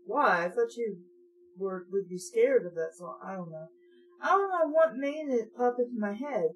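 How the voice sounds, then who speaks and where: A woman's voice: fairly high pitch, expressive, moderate pace. A young woman reading a children's horror book aloud and interrupting it with sarcastic, mocking asides. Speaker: book reader and commentator. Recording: distant mic with faint hum.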